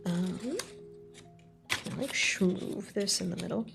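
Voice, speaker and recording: A woman's voice: on the low side, steady tone, takes it slowly, vocal fry, long pauses, fairly bright tone, soft background music. A woman streamer in casual, rambling chat while crafting on stream, swearing now and then and poking fun at herself. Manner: rambling, sweary, self-mocking.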